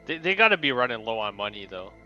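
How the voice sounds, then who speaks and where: A man in a casual podcast chat, talking bluntly in halting, repeated starts. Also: mid-range voice, very animated, music in the background. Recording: dull lo-fi sound.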